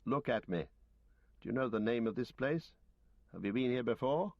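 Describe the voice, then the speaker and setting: A man reading aloud and voicing a stern, grave lord who passes judgement in formal, measured, solemn speech. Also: medium pitch, expressive, no room sound. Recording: dull lo-fi recording.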